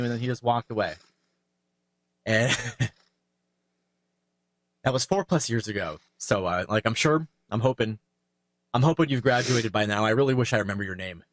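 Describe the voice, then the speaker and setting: A longtime YouTuber, a man, speaking in a reflective, halting way with many fillers and restarts as he gets emotional. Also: medium pitch, lively intonation, fairly bright tone, no room sound. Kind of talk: reflective personal talk.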